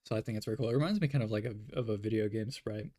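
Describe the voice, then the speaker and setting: A man's voice: on the low side, racing, warm tone. A young man chatting casually while he draws on a stream, rambling and self-deprecating, with lots of fillers. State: yawning, tired. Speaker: art streamer. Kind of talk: casual drawing livestream chat.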